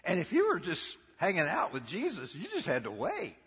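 A man's voice: sits high, wildly swooping pitch, normal speed, fairly bright tone, slightly rough. A man preaching a sermon who keeps putting questions to the congregation and tells the story with laughter. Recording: long hall reverb.

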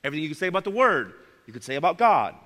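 A man's voice: on the high side, very animated, rapid-fire, fairly bright tone, big-room sound. A man preaching a sermon, emphatic, repeating his key phrases and calling his listeners friends.

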